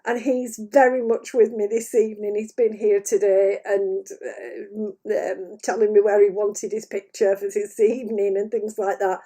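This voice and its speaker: A woman's voice: mid-range voice, level tone, unhurried, hardly any pauses, warm tone. A woman hosting a live stream as an intuitive medium, talking freely to camera from a room full of her paintings, with many "uh"s and frequent laughter. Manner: chatty and meandering, many "uh"s, easily breaks into laughter. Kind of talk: unscripted spiritual talk to camera.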